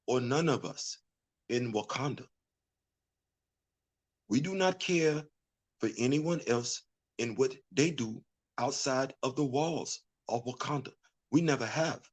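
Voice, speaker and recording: A man's voice: medium pitch, a little mellow, husky, pitched below the performer's own voice. A man putting on a solemn, stately Wakandan. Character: solemn Wakandan man proclaiming national pride.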